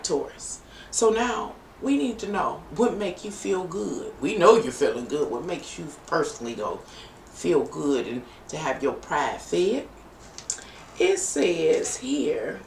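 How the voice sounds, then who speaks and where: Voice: mid-range voice, gravelly. A tarot reader giving a chatty, playful live-stream reading, with teasing asides to viewers. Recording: echoey room, distant from mic, faint noise.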